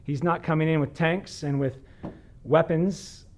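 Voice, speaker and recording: Earnest higher-voiced male pastor. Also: fairly even intonation, measured pace, darkish tone. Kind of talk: conversational sermon.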